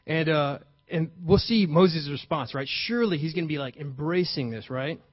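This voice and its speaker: A man preaching a sermon to a live congregation in a conversational way, often checking in with his listeners and building to loud, emphatic peaks. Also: fairly high pitch, normal speed. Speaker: pastor. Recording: dull lo-fi recording.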